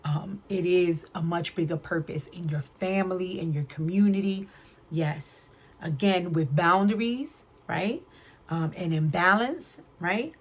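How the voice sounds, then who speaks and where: Woman card reader with a slightly low voice, relaxed, chatty vlog delivery that is peppered with "right?". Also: a little slow, slightly rough. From New York City. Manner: chatty, keeps asking "right?". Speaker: tarot reader. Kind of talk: casual spiritual card reading.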